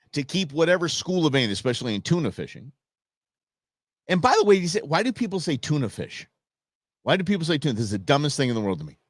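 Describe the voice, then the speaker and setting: Animated man ranting on a live show. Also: mid-range voice, dry recording, clean studio sound. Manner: animated, stammering repeats, sarcastic. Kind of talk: casual livestream rant.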